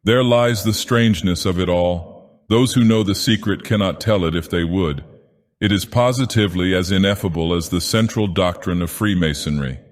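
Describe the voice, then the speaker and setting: A man voicing a middle-aged gentleman who talks in a soothing, persuasive, genial manner. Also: deep voice, normal speed, natural voice. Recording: long reverb.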